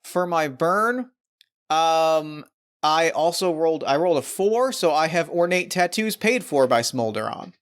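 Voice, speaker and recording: A man with a voice on the high side and lively intonation speaks a little slowly as he chats with a guest before a tabletop role-playing game. As host and game master of the podcast, he comes across as upbeat and enthusiastic, with many fillers.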